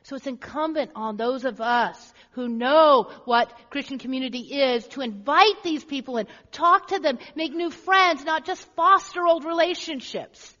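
High-voiced woman preaching in an echoey church. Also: unhurried, hardly any pauses, fairly bright tone. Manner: earnest, repeats phrases for emphasis. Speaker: pastor. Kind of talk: sermon. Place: church sanctuary. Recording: echoey hall, dull lo-fi sound.

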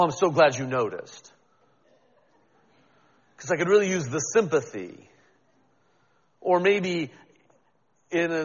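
A man's voice: medium pitch, long reverb tail, lo-fi sound. A man preaching a sermon as pastor, talking in a conversational, self-deprecating way with frequent restarts.

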